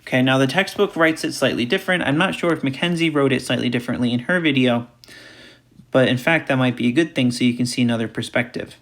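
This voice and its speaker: A man's voice: medium pitch, fast talker, fairly bright tone. Man talking through math steps. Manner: talks through steps aloud, repeats key points. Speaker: math instructor. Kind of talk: recorded math lecture.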